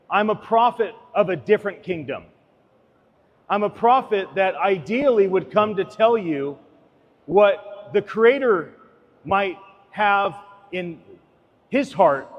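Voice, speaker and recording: High-voiced man preaching in a hall. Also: muffled recording. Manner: dramatic, swings between loud and hushed. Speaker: speaker giving a talk. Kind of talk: impassioned sermon-like talk.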